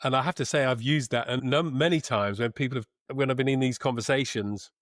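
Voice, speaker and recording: A man as a podcast guest, talking in a thoughtful, measured way with pauses, restarts and a trained actor's diction. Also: mid-range voice, no room sound, clean studio sound. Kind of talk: reflective conversation.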